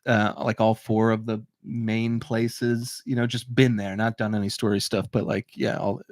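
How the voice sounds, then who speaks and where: A man's voice: fairly low pitch, normal speed, no echo, clean studio sound. A man co-hosting a podcast, chatting casually and chiming in with easy reactions. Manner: relaxed, agreeable, chimes in with short reactions. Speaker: podcast co-host. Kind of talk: casual chat.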